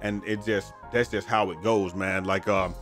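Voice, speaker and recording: A man's voice: deep voice, fairly even intonation, moderate pace, a bit bright. A man chatting casually as a gaming streamer, tired and yawning, with loose slangy talk full of "man" and "bro". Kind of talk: casual commentary on viewer messages. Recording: faint music behind.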